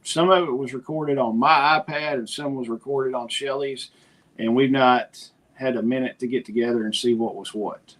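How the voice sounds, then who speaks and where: A man's voice: medium pitch, normal speed. A middle-aged man, co-hosting a podcast and retelling conversations in casual chat. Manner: storytelling, animated retelling of conversations. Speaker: podcast co-host.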